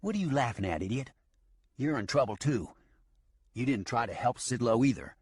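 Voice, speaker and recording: Guy doing a big bully outlaw, snarly and mean, raspy, pitched up a bit from his low voice. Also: expressive, normal speed, no room sound. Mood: taunting. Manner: snarling, taunting.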